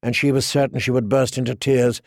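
Guy reading a fantasy audiobook, steady and measured, medium voice, dead dry close mic. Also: medium pitch, dry recording. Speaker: audiobook narrator. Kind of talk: scripted fantasy audiobook narration.

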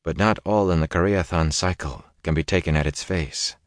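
A grim sorceress speaks in clipped, commanding tones, as a deep-voiced male narrator puts her on. The voice stays low and the storybook reading is dry and close. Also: normal speed, no echo, lightly acted. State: exhausted, speaking faintly. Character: stern sharp-tongued woman sorceress healer.

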